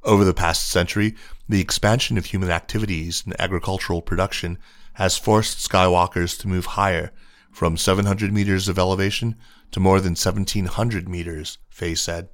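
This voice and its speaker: A man giving a scripted news feature narration in an even, measured reading. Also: sits low, no room sound, clean studio sound.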